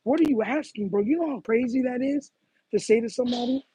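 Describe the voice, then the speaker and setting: Husky high-voiced man ranting on a live stream. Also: fast talker, low-quality recording. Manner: animated, repeats himself, says "bro" a lot; talks to live chat while running errands. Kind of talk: casual live-stream chat.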